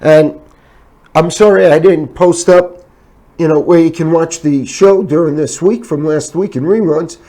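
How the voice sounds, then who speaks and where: A man's voice: on the high side, a little slow, dark tone. A man hosting a casual talk show, telling anecdotes in a laid-back way. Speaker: show host.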